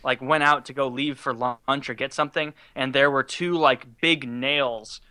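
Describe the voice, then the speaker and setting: A man's voice: medium pitch, fairly even intonation, unhurried, pushed and bright, clean tone, no room sound. A young man casually telling stories on a podcast, swearing freely and acting out the people he quotes. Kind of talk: casual storytelling chat.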